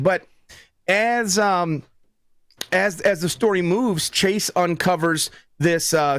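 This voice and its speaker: A man chatting as a guest author over a video call, with a fairly high voice and a dry, close sound. He tells stories with energy and acts out the lines of the people in them. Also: no echo. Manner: lively storyteller who acts out quotes. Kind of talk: casual interview chat.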